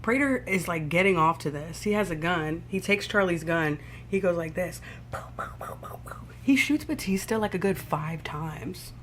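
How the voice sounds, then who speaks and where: A woman with a fairly low voice tells a TV episode's story in a loose, casual recap. She swears freely and talks in an animated way, with sound effects. Faint noise sits under her voice. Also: moderate pace, few pauses. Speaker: TV and film recap vlogger.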